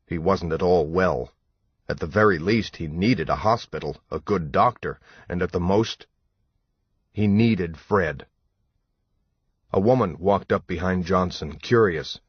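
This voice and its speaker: Deep, slow, husky male audiobook narrator. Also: no echo, dull audio. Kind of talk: scripted narration.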